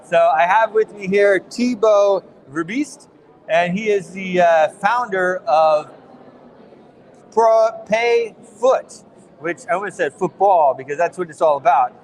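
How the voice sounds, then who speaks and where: A man's voice: sits high, takes it slowly, rough recording. An American man interviewing a guest at a conference, chatty and enthusiastic, rambling a little. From United States. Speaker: interviewer at a crypto event. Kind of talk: casual on-site interview. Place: conference venue.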